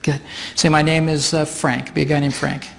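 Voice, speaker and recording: A man with a fairly high voice leads a live workshop demonstration from a stage. He explains each step in a chatty, easygoing way and laughs often. Faint room noise sits behind him. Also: level tone, normal speed, vocal fry, fairly bright tone. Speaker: workshop facilitator. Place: stage before an audience.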